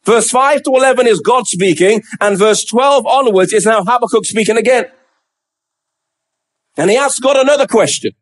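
A man's voice: very high-pitched, moderate pace. A man preaching a sermon, emphatic and acting out quoted pleas with rising questions.

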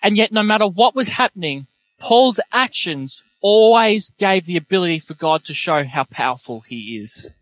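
A young man preaching a sermon, telling self-deprecating personal stories in a lively way. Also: sits high, normal speed, dry recording.

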